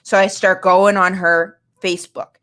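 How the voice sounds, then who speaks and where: A woman's voice: lowish voice, flat delivery, a little slow, a bit bright. A woman guest telling a candid, self-mocking dating story in a rambling way, full of filler words. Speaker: guest comedian.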